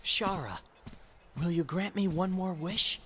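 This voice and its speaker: A cocky young hedgehog hero. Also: male voice, high-pitched, unhurried, fairly bright tone, slight background noise. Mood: gentle. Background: game music.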